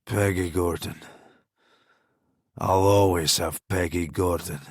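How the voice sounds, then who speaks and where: A man's voice: low voice, fairly even intonation, takes it slowly, dry recording, clean studio sound, full character voice. A man voicing a drugged, half-delirious captive agent. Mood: weak. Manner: weak, stammering murmur. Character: drugged defiant British male agent.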